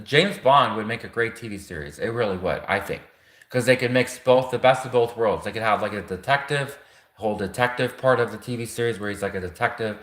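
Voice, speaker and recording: A man's voice: mid-range voice, a bit bright, reverberant. A man hosting a livestream, talking in a rambling, casual monologue full of fillers. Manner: rambling, heavy on fillers and restarts. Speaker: livestream host.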